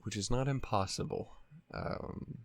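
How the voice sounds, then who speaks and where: A man's voice: fairly low pitch, unhurried. A young man casually rambling and swearing while reacting to an anime at his desk at home. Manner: rambling, profane, laughs often.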